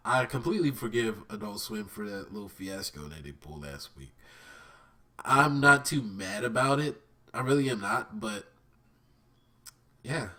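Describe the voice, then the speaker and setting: A man with a blocked-up, stuffy nose talks through a casual fan review in a middle-pitched voice. He rambles with eager, nerdy excitement. His voice sits a little back from the microphone. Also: recorded from a distance. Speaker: vlogger reviewing a cartoon.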